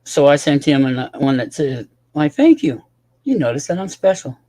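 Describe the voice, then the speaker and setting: A man's voice: a little high, sing-song, moderate pace, dark tone. A tired man rambling casually to his livestream chat, swearing often and talking to viewers by name.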